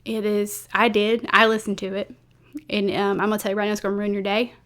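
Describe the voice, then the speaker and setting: A woman's voice: mid-range voice, level tone, brisk, a bit bright. A woman hosting a true crime channel, telling the story casually with lots of fillers, emotional moments and blunt asides. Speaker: true crime YouTube host.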